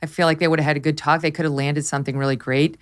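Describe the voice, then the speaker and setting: Woman podcast host, low-pitched, emphatic and animated, opinionated casual chat on a studio mic. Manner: emphatic, quick, animated with laughs.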